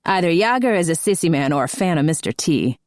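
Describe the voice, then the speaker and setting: A male hockey player who loves to needle people with mocking trash talk, voiced by a woman narrator. The voice is low and dry, recorded close. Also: sing-song, quick pace, a little mellow, no echo. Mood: teasing.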